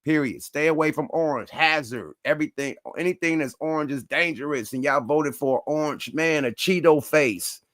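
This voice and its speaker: A man hosting a commentary show, reacting to clips with loose, emphatic talk full of profanity and repeated catchphrases. His voice sits at a middle pitch. It is recorded dry and close to the mic. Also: moderate pace, hardly any pauses, fairly bright tone, no echo. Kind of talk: casual commentary.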